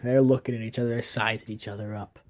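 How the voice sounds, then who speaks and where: A man's voice: lowish voice, little pitch movement. A man casually narrating a wrestling match play by play in an offhand way, correcting himself as he goes. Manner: unhurried, offhand storytelling with self-corrections. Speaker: wrestling fan recapping an imagined match.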